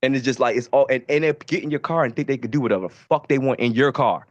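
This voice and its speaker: A man from Baltimore, a podcast co-host, telling stories in a profane, animated casual way. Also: mid-range voice, fast, no room sound, dull audio. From Baltimore, USA. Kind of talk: casual storytelling.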